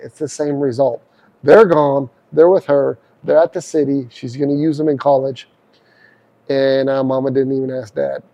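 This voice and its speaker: A man's voice: medium pitch, dark tone, low-quality recording. A middle-aged man hosting a devotional podcast, preaching in an earnest, conversational way. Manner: earnest, conversational, voices prayers aloud. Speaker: podcast host.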